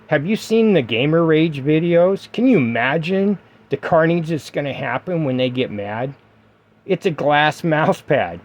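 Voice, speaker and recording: A middle-aged man giving casual vlog advice to his viewers, emphatic and repetitive, with lots of fillers. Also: on the high side. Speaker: gaming vlogger. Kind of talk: casual vlog talk to camera.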